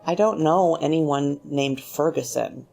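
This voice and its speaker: A woman reading a wife's lines, a withdrawn middle-aged woman who keeps her voice quiet and without emotion. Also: deep voice, slow, vocal fry, pitched below the performer's own voice, heavily acted. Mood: guarded. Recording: faint music underneath.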